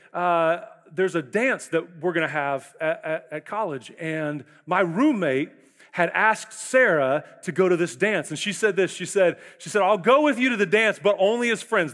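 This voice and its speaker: High-voiced male pastor in a reverberant hall. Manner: animated storytelling, quick bursts and acted quotes. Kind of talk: sermon. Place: large church auditorium. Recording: long church hall reverb.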